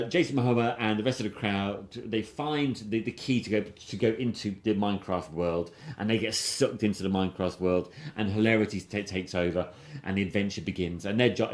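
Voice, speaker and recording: A man hosting a film review podcast, rambling and enthusiastic in casual chat, with frequent restarts. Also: fairly low pitch. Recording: roomy echo.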